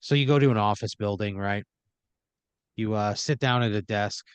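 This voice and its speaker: A man's voice: fairly low pitch, moderate pace, clean tone, dry recording. A man hosting a comedy podcast, narrating an improvised second-person story and peppering it with "you know" and "like". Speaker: podcast host.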